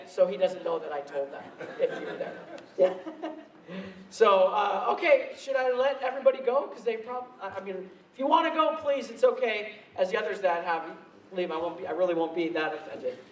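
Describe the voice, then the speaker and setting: Animated man telling stories in a hall. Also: sits high, distant mic. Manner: animated, laughing, self-mocking anecdotes. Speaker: convention guest speaker. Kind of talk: storytelling convention talk. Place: convention hall stage. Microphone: handheld mic. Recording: echoey hall, recorded from afar.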